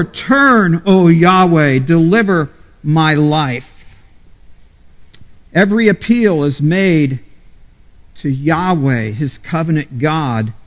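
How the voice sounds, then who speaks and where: A pastor delivers a sermon at an unhurried pace, his voice sitting high for a man. He is earnest and measured, leaning fervently into each quoted appeal. The sound carries a long reverb from a large church hall. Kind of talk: expository sermon.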